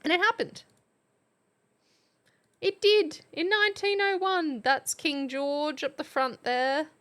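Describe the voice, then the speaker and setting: A woman's voice: high-pitched, fairly even intonation, slow pace, a bit bright. An Australian woman streamer giving a casual history lesson, chatty and playful and often laughing.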